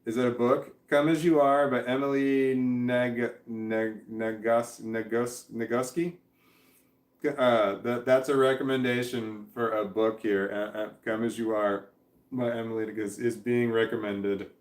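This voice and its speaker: A man talks through viewer comments in a loose, halting way, repeating and restarting words. His voice sits at an ordinary middle pitch for a man. The room around him rings with a noticeable echo. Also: fairly even intonation. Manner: halting, repeats words, reads comments aloud and stumbles over them. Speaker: vlogger reading chat comments. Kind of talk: casual livestream chat. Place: indoors at home with his dog. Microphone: webcam.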